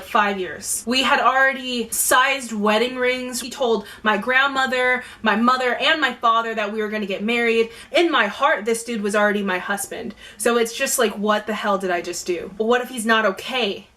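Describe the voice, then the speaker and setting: A young woman vlogger telling a personal story in a lively, slangy way. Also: a little high, distant mic. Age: young adult. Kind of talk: storytime vlog. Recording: voice a bit off-mic with faint music.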